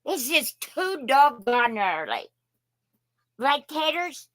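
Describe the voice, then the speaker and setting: A woman's voice: high voice, sing-song, takes it slowly, fairly bright tone, no room sound. A woman from Indiana hosting a casual live chat, greeting viewers by name in a folksy way. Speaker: live stream host.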